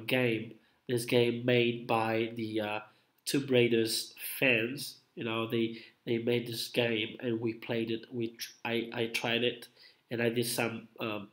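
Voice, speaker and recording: A man's voice: medium pitch, fairly bright tone. A man hosting a casual live stream, rambling and hesitant with many fillers, coughing from a cold. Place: home room at night. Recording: roomy echo.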